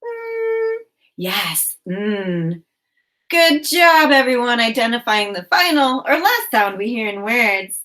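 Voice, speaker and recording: A woman teacher leading a children's phonics lesson, speaking in slow, clearly enunciated prompts with encouragement. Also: fairly high pitch, lively intonation, bright, forceful tone.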